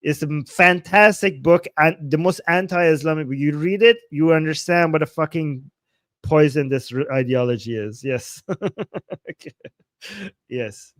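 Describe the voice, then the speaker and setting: A man's voice: on the high side, a little slow, no room sound, studio quality. Angry, profane Iranian man on a livestream. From Iran. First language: Persian. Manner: angry, profane, mocking, loud outbursts. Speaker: livestream host reading super chats. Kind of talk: heated livestream commentary.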